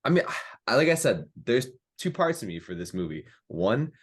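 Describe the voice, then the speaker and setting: A man's voice: mid-range voice, big pitch swings, normal speed, slightly rough. A man chatting casually on a movie podcast, hesitant and rambling, full of "like" and "um". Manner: hesitant, full of "like" and "um", restarts often. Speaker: podcast co-host. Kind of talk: casual movie review chat.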